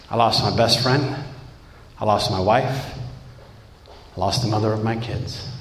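A middle-aged man from Romania giving a personal recovery testimony in slow, deliberate, blunt words. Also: mid-range voice, fairly bright tone. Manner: slow, deliberate delivery with blunt, raw wording. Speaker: recovering alcoholic sharing his story. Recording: roomy hall with long reverb, faint background noise.

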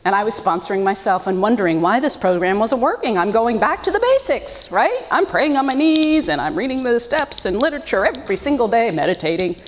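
A woman's voice: fairly high pitch, sing-song, fairly quick, hardly any pauses, in a large hall, slight background noise. A woman giving an earnest, emotional personal testimony to a support group, her voice breaking with feeling. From United States. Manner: earnest, emotional, with self-deprecating laughs. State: choked up. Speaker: speaker sharing her story at a support meeting.

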